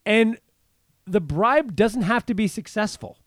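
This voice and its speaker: This man's voice sits high and a bit bright, and he keeps a measured pace; the studio sound is clean with no echo. He rambles through a casual political chat he co-hosts, frequently restarting and stammering and voicing others' words loudly.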